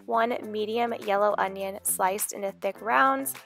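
A woman's voice: medium pitch, unhurried, creaky, a bit bright, faint music behind. A woman vlogging at home with a handheld camera, chatting in an upbeat way and talking fondly to her dogs. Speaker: lifestyle vlogger. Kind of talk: casual home vlog chat. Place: at home and around the backyard.

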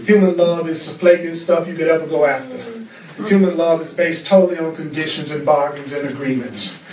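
A man's voice: a little high, fairly quick, darkish tone, a little hiss or hum. Fervent male teacher in a roomy echo. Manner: fervent, repetitive preaching cadence. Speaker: spiritual teacher. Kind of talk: teaching class. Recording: roomy echo, far from the mic.

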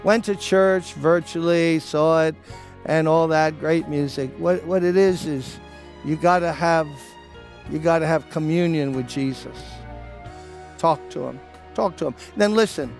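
An older man preaching a sermon as pastor, speaking earnestly and pleading directly with listeners, then leading them in a slow prayer. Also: fairly high pitch, a little mellow, faint music behind. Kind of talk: sermon with altar-call prayer.

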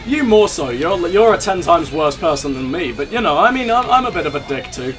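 A man's voice: a little high, lively intonation, a little fast, fairly bright tone, soft background music. A young man hosting a let's play, cracking crude jokes in casual gameplay commentary. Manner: joking, crude banter with laughs.

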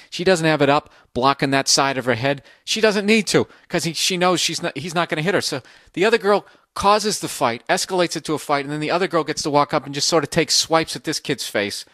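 A man's voice: a little high, fairly quick, few pauses, pushed and bright, dry recording, clean studio sound. Profane ranting man with a sore throat. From United States. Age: 40s. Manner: profane, rambling storyteller, incredulous. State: sore throat, slightly hoarse. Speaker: podcast host. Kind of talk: casual podcast rant.

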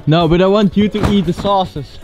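A man's voice: high voice, moderate pace. A young man in casual, teasing chat with friends during a trampoline trick game. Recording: loud background music.

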